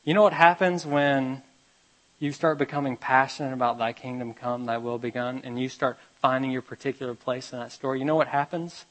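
A man preaches a sermon with a mid-range voice that rises to loud urgent calls. He then drops to a quiet, hushed storytelling tone, reading scripture aloud and telling a parable. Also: mid-range voice, brisk, rough recording. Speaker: pastor.

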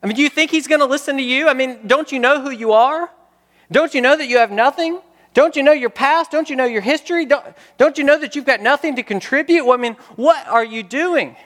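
Ein Mann spielt eine höhnische, scheltende Menge. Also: male voice, very high-pitched, fairly bright tone, long reverb tail, pitched above the performer's own voice. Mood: scornful. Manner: mocking, rapid rhetorical questions. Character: scornful crowd scolding a blind beggar.

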